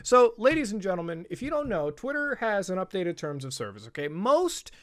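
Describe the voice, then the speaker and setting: A man's voice: high voice, big pitch swings, brisk. A male host giving an online commentary rant, heated, profane and sarcastic, talking straight to his viewers. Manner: chatty, addresses viewers directly.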